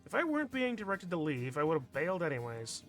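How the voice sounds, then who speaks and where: A man's voice: fairly high pitch, wildly swooping pitch, fast, a bit bright, faint music behind. A man streaming a visual novel, reading it aloud and dropping sardonic, wry asides.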